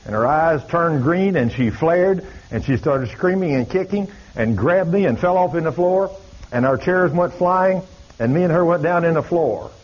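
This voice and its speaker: A man's voice: a little high, animated, moderate pace, darkish tone. A man preaching, telling a story in a folksy, dramatic way. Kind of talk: sermon storytelling. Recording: dull lo-fi recording.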